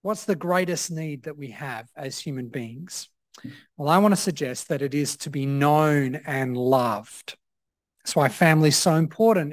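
A man preaching a sermon as pastor, measured and reflective, with frequent "uh" fillers. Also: a little high, dry recording, studio quality.

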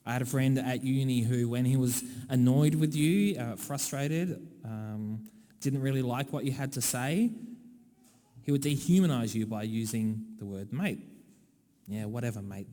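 An Australian man delivers a sermon in a relaxed, conversational way with wry, dry asides. His voice is mellow and warm. The long reverb of a large hall trails after each phrase. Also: medium pitch, a little slow. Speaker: preacher.

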